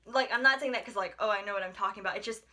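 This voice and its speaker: Talking fast in a sharp, mid-range voice, a young woman from the US rambles through a casual book review vlog. She gushes constantly and leans heavily on filler words.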